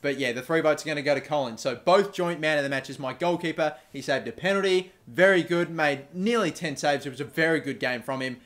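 A young man narrates his football game as he plays. His voice sits slightly high, and he keeps breaking into swearing and shouting when a chance is missed. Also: brisk, few pauses. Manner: excitable, swears, shouts at players. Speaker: gaming YouTuber. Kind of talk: gameplay commentary.

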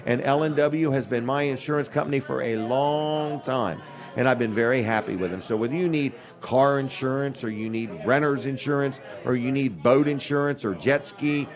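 An older man hosting a live radio and TV show from a busy restaurant, rambling casually between giveaways and sponsor plugs with dry jokes. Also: medium pitch. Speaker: host. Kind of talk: live on-location radio and TV talk.

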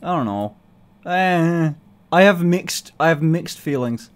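A young man chats on his live stream, joking, swearing and laughing as he goes. His voice sits a bit high for a man and swings widely in pitch. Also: animated, slow, noisy background. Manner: playful, swearing, laughing often. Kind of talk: casual livestream chat.

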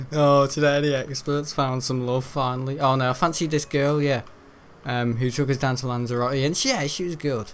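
A teenage boy with a slightly high voice, speaking at a moderate pace, hosts a gaming video. His let's-play commentary is rambling and chatty as he plays, and he laughs often.

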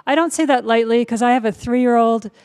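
Halting middle-aged woman hosting a lecture. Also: fairly high pitch, clean tone. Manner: warm, halting, with frequent fillers and self-corrections. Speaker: honors program host. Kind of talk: university lecture welcome remarks.

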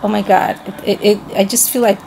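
Woman, gravelly voice, medium pitch, enthusiastic, casual vlog chat, searches for words. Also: flat delivery, brisk, background noise. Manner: gushing and enthusiastic, repeats praise words; searches for words, trails off mid-sentence. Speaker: craft vlogger showing a package.

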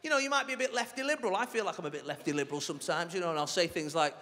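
A man doing a live stand-up routine on a theatre stage, chatty and animated, with mock-outraged asides. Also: high voice, racing, few pauses. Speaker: stand-up comedian. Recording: reverberant theatre with crowd laughter. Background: audience laughter.

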